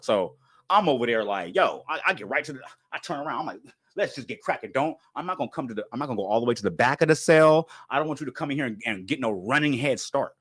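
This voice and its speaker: Laughing often between lines, a man tells a casual story in a loose, animated way, his pitch leaping around as he acts out what people said. His voice is fast and husky, and the recording is dry and close with no echo or room sound.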